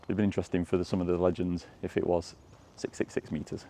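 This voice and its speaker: A man's voice: low-pitched, little pitch movement, fast talker, dark tone, a little hiss or hum. A man chatting casually as he walks outdoors through countryside, rambling and chuckling. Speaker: walking tour vlogger. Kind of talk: casual walking commentary. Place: countryside fields and lanes, outdoors.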